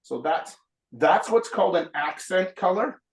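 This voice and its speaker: A man's voice: sits high, lively intonation, unhurried. A man giving a live painting lesson, chatting and explaining each step while he paints. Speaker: painting instructor. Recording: roomy echo.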